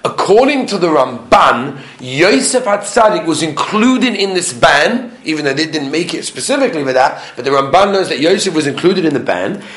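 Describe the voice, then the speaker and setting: A man with a high voice gives a Torah class, his pitch swinging widely from line to line. He teaches in a lively, emphatic way and acts out each quoted speaker. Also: moderate pace, hardly any pauses.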